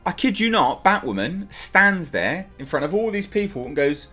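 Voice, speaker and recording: A man's voice: sing-song, moderate pace, hardly any pauses, pushed and bright, faint music behind. Exasperated ranting male reviewer. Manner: exasperated, sarcastic, mocks characters in high put-on voices; swears and repeats himself for emphasis. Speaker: TV show reviewer.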